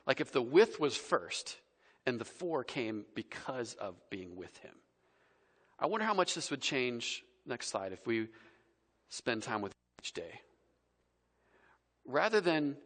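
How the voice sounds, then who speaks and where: A man preaching a casual, conversational sermon, swinging between loud emphasis and quiet, soft passages. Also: medium pitch, big pitch swings, takes it slowly, long pauses. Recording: long reverb of a large hall.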